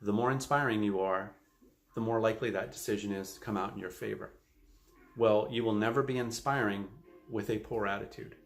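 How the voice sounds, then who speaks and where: A man's voice: fairly low pitch, fairly even intonation, brisk, creaky. A man giving a motivational sales training talk, earnest and coaching, with frequent fillers like "um" and "you know.".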